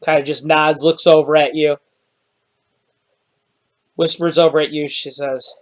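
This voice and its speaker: A man running a tabletop game as game master, narrating scenes in a halting, descriptive way. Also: on the high side, little pitch movement. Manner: descriptive, halting, with restarts and quick laughs.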